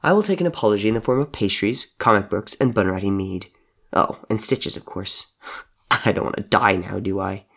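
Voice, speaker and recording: A man voicing a furious wounded man who shouts, hisses and snarls threats, with a gravelly edge. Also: fairly low pitch, normal speed. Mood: wry, sneering.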